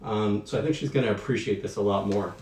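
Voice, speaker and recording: A man's voice: lowish voice, fast, slight background noise. A young man from the Northeast US hosting a casual unboxing livestream, rambling with lots of ums and a little out of breath. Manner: relaxed, rambling with many ums. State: sweaty and slightly out of breath. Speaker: livestream host. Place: bedroom at home. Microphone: camera mic across the room. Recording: echoey room, far from the mic.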